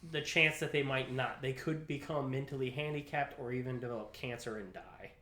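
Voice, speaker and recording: A man co-hosting a podcast in casual chat, lively and acting out scenes with sound effects and quoted lines. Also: medium pitch, fairly quick. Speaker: podcast co-host. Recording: roomy echo.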